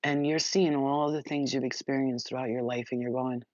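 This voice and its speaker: A woman spiritual reader talks straight to her viewers in an excited, rambling way, worked up and emotional, with a casual curse here and there. The recording is dry and close, with a slightly dull, muffled sound. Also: very deep voice, normal speed, no echo. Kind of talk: emotional channeled message to viewers.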